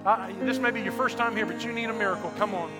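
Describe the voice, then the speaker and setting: A man pastor preaching a sermon to a congregation, building to loud shouted lines and then dropping his voice. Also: high voice, quick pace, over loud music. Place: church sanctuary. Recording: echoey hall.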